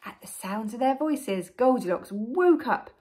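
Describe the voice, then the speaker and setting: A woman, a nursery teacher, reading a storybook to young children with an expressive, gently coaxing manner and soft asides. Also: fairly high pitch, measured pace, a little hiss or hum.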